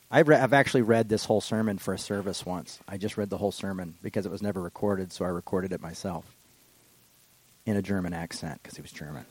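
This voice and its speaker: A man preaching a casual, rambling sermon that slows for solemn readings. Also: on the low side, no room sound, rough recording. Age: adult with children. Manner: casual and digressive, slows down for quotations. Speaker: pastor. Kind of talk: informal sermon.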